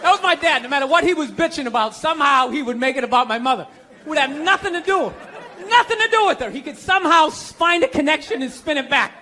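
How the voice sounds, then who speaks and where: A man doing stand-up with a very high, bright voice, swearing and storytelling as he talks with the room. A faint audience murmur and noise sit behind him. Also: animated, quick pace, a faint crowd. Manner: storytelling, cursing, conversational with audience. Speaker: stand-up comedian. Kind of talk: stand-up comedy set.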